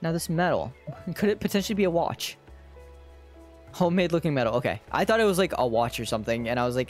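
An excitable streamer giving casual gameplay commentary and joking at the screen. The pitch swings widely. Faint game music sits in the background. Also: fast talker.

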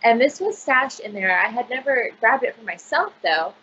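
A woman's voice: a little high, very animated, normal speed, pushed and bright, muffled recording, slight background noise. A woman librarian chatting casually on a video call, gushing about picture books with lots of fillers. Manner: bubbly, gushing, filler-heavy.

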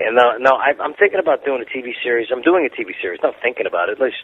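A man in his forties from the United States, a comedian guest in a radio studio interview, rambling through jokey asides in a deadpan way. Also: mid-range voice, rapid-fire, husky, narrow, tinny audio. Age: 40s.

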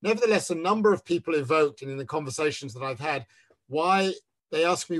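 A man talking about his book in an online discussion, measured and emphatic, leaning on words when he lists them. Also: a little high, a bit bright. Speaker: author in a book talk.

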